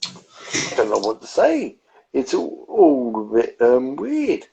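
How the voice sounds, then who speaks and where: A man co-hosting a casual beer chat stream, rambling along with plenty of swearing. His voice is gravelly and rough, and his pitch rises and falls a lot as he talks. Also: huge pitch swings, slow pace, a little mellow, a little hiss or hum, rough recording. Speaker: beer review co-host.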